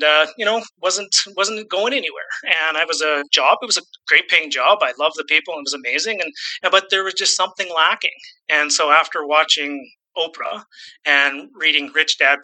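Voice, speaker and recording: A man's voice: on the high side, pushed and bright, poor audio. A Canadian man in his fifties, a real estate investor speaking as an interview guest, rambling and self-deprecating, often repeating his words. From Saskatchewan, Canada. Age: 50s. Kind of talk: casual interview conversation.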